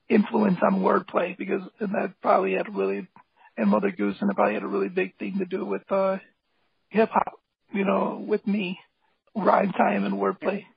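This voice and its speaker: A man's voice: high-pitched, vocal fry, slightly rough, dry recording. A man guest talking casually and eagerly about his music, rambling with lots of fillers. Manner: rambling, filler-heavy, enthusiastic. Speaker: guest, hip hop artist and graphic designer. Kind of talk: casual interview talk. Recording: dull lo-fi call audio, dry.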